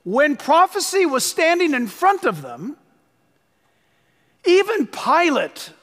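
A man delivering a sermon in a voice pitched very high for a man, swinging widely up and down. He presses his points hard, repeating lines for stress and urging listeners to take notes. A long hall reverb trails every phrase. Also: huge pitch swings, takes it slowly, fairly bright tone. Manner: emphatic, urges listeners to write things down. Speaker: pastor.

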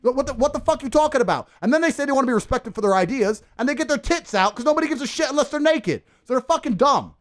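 A man ranting as a podcast guest in a forceful, profane, emphatic way. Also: very high-pitched, lively intonation, quick pace, hardly any pauses. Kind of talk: ranting casual talk.

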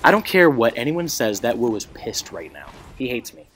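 A young man talks through his match in a bright, buzzy tone that leaps all over the place. He is excitable and foul-mouthed, and he breaks into laughter often. It sounds like casual gameplay commentary. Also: medium pitch, normal speed, slight background noise. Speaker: gamer.

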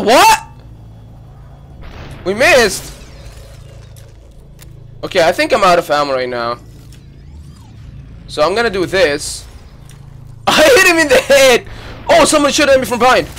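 A man streaming live gameplay, reacting with loud excited exclamations and swearing. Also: sits high, gravelly. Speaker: gaming streamer.

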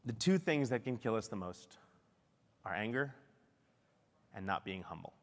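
A middle-aged man giving a lively, self-deprecating keynote talk at a conference. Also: on the low side, moderate pace, in a large hall. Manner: animated, self-deprecating storytelling. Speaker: keynote speaker. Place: large conference hall.

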